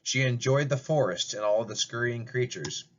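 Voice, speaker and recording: A man reads a fairy tale aloud in a plain, steady narrating voice. His pitch is ordinary for a man. The recording sounds dull and lo-fi. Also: normal speed. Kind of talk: amateur storybook reading.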